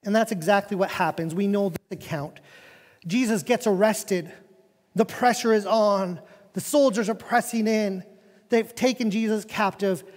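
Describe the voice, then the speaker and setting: High-voiced, animated male preacher. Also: moderate pace. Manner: animated, conversational preaching with repeated words. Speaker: pastor. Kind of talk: sermon. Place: church sanctuary. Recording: long reverb of a church hall.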